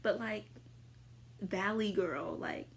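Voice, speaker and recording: A young woman chats casually to her viewers in a relaxed, unhurried way, her pitch sitting in an ordinary middle range. She leans on fillers as she rambles through her answers, now and then jumping into a sudden excited squeal. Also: vocal fry. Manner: chatty, filler-heavy, with sudden high squeals. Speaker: vlogger answering viewer questions. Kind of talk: casual chat.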